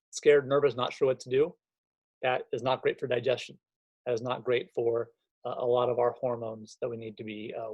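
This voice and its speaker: A man talks gym owners through a workout program in an energetic, conversational way, tossing in "right?" to keep them with him. His voice sits at an ordinary middle pitch. It sounds close and dry, with no room echo. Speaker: fitness coach presenting programming. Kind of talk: screen-share walkthrough for gym owners.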